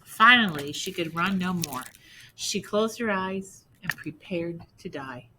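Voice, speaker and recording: Slow, bright-voiced woman reading a picture book. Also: on the low side, expressive, a little hiss or hum, rough recording. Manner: slow, explaining asides. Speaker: storybook reader.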